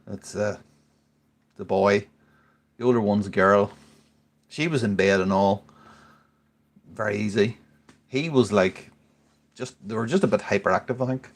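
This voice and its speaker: A man in his forties, a little tipsy, telling a rambling, sweary story in casual chat. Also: lowish voice. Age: 40s. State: tipsy from drinking beer. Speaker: podcast regular.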